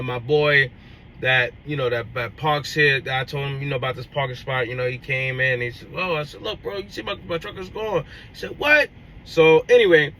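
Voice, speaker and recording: A man's voice: mid-range voice, slight background noise, poor audio. A young man, a truck driver, telling a story in a casual vlog and acting out each side of the conversation with lots of restarts. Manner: animated retelling, acts out dialogue, many restarts. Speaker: owner-operator truck driver.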